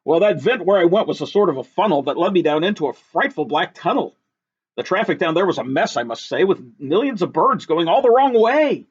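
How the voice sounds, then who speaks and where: High-voiced man reading rhymes aloud. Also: brisk, slightly rough. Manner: lively sing-song rhythmic delivery. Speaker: reader. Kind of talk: reading a rhyming picture book aloud. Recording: dull lo-fi recording.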